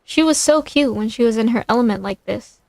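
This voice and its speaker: A woman's voice: a little high, gravelly, a little mellow, no room sound. A woman streamer casually reading fan fiction aloud, sometimes correcting herself as she goes. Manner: reads aloud with quick self-corrections.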